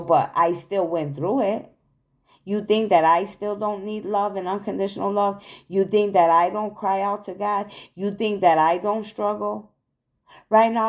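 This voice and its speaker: Woman with a low voice, delivering a spiritual address straight to camera on a phone, earnest and accusatory. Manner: earnest, accusatory, repetitive declarations. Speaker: spiritual channel host. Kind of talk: spiritual monologue to viewers.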